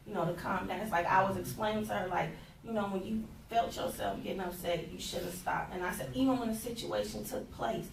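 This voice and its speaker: A woman's voice: medium pitch, gravelly. A woman in a group circle, explaining her thoughts in an earnest, reflective way, often using "like" and "you know". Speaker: participant in a restorative conversation circle. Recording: echoey room, distant mic, faint background noise.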